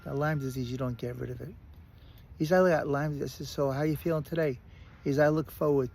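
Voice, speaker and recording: Gravelly Brooklyn man telling a story. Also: a little high, fast talker, soft background music. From Brooklyn, New York. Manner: animated, restarts and repeats words. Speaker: recovery speaker. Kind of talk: casual storytelling monologue.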